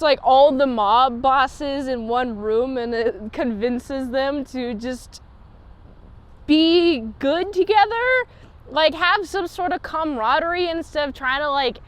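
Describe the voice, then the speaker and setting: A woman's voice: high voice, a bit bright. A woman host chatting casually through a TV episode review, giggly and full of fillers.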